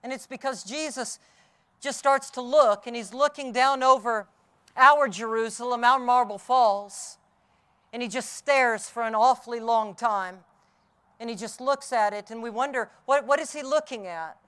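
High-voiced pastor telling a story. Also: male voice, fairly even intonation, measured pace, clear, resonant tone. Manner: vivid storytelling, acts out crowd cries, swings from loud to hushed. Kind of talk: outdoor Easter sermon, storytelling. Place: outdoors on a hilltop.

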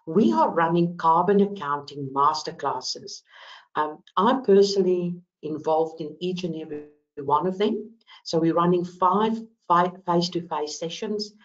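A woman with a South African accent presents a business webinar with enthusiasm, often pausing on "um". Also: deep voice, highs cut off. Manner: enthusiastic, frequent ums. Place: Melbourne.

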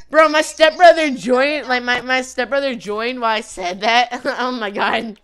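A young woman livestreams a video game, swearing freely, laughing often, and sounding excitable as she comments. Her voice is a little high and her pace moderate, with hardly any pauses, and there's slight background noise.

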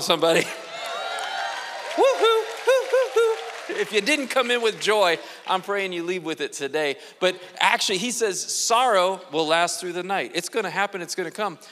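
A man preaching a sermon as a guest pastor, animated and quick to joke with the congregation. His voice sits a little high and rings bright and forceful. It trails off into the long reverb of a large church hall. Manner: animated and joking, with playful asides to the congregation. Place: church sanctuary.

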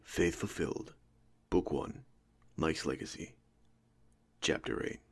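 Brief: male narrator, low voice, steady storytelling. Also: takes it slowly, breathy edge. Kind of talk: scripted audiobook narration.

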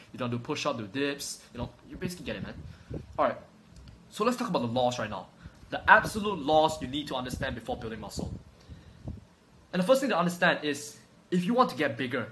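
Young male fitness coach, cocky and profane, rapid-fire delivery, faint room hiss. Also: medium pitch, a bit bright, low-quality recording. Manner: brash, swaggering, swears constantly, calls viewer bro. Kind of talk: profane casual lecture to camera. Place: room at home.

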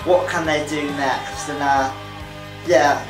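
A man's voice: fairly high pitch, steady tone, takes it slowly. Man, eager show reviewer, roomy echo, music underneath. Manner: enthusiastic, repeats praise words. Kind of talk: casual video review. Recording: roomy sound with music behind.

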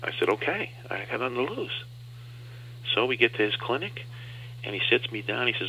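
A man's voice: medium pitch, sing-song, fairly quick, pauses often, bright, forceful tone, a little hiss or hum. A man, a comedian guest on a radio interview show, telling a story and acting out the other voices in it. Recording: dull lo-fi radio sound.

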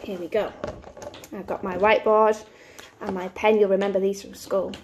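A woman teaching a phonics lesson to young children, slow and encouraging, with sing-song praise. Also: medium pitch, flat delivery, noisy background. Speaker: primary school teacher.

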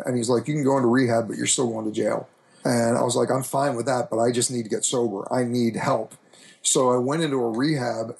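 Gravelly-voiced man telling his story. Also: medium pitch. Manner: earnest and reflective, with frequent restarts. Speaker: podcast guest. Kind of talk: candid storytelling interview.

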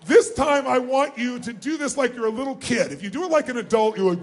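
High-pitched, energetic male seminar speaker. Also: brisk. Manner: energetic, commanding, calls for shouted answers. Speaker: motivational speaker leading a large audience exercise. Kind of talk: live seminar talk to a huge crowd. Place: large arena.

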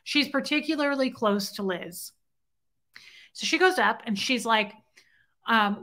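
Woman livestreamer, bright voice, slightly high pitch, blunt and animated, greets chat. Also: unhurried. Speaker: livestream host. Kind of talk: casual livestream storytelling.

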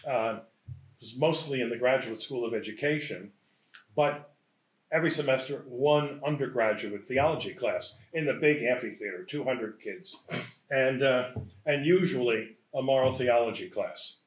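A man's voice: medium pitch, moderate pace. A man, a priest, giving a conversational lecture with anecdotes, often checking in with his listeners. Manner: conversational, checks in with "right?" and "huh?". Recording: echoey lecture hall.

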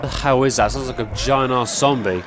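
A man's voice: mid-range voice, normal speed, background noise. A young man giving jumpy, exclaiming commentary while playing a horror game and talking to its characters. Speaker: gaming YouTuber.

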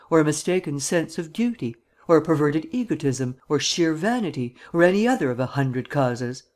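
A male audiobook reader voicing a witty, condescending gentleman detective with an airily superior, drawling manner. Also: a little high, natural voice. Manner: drawling, airily superior, archaic upper-class phrasing. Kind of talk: audiobook character reading.

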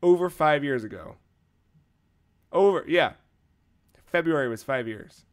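A man hosting a casual gaming podcast, relaxed and loose, swearing now and then. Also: on the high side, a little slow. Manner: laid-back, swears casually. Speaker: podcast host.

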